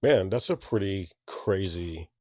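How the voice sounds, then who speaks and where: A very deep-voiced man gives reaction commentary, musing aloud in a relaxed, conversational way. The sound is dry and close, with a slightly dull tone. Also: unhurried, no room sound. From United States. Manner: conversational, reflective, thinks aloud. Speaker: reaction channel host.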